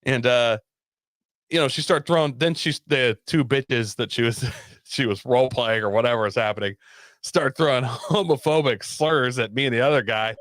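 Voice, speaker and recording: A man casually telling a story on a talk show, animated and profane, laughing often. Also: medium pitch, normal speed, no room sound. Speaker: podcast guest telling a story.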